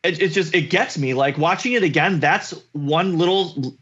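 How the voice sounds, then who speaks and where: Podcast co-host, man with a higher voice, emphatic and excitable, swears, muffled lo-fi audio. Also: moderate pace. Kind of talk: casual chat. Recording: slightly dull lo-fi sound.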